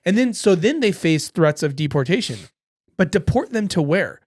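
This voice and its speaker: A man's voice: high-pitched, big pitch swings, moderate pace, a little mellow, dry recording, studio quality. A man co-hosting a podcast in casual chat, insistent and repeating his points. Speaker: podcast co-host.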